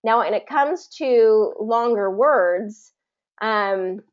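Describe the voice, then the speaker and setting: A woman teaching English pronunciation in a live session, patiently explaining and slowly drawing out example words. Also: a little high, dull audio.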